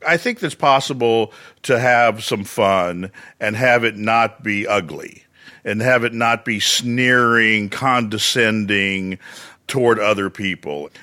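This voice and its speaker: A man with a Central Texas drawl speaks as a radio correspondent, his lowish voice bright and forceful. He delivers absurd details with a wry, deadpan dryness. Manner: dry, wry deadpan humor. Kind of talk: radio interview.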